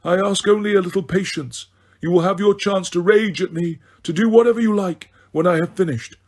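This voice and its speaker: A man voicing a wise, weary old male headmaster wizard in an audiobook, speaking in a measured, gentle, grave way. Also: sits high, pitched above the performer's own voice. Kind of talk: audiobook character reading.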